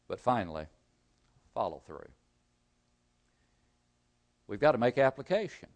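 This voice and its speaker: Man preaching, swinging from loud to hushed. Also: medium pitch. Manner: rises loud for emphasis, then drops to a near-murmur; asks the congregation rhetorical questions. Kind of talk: sermon.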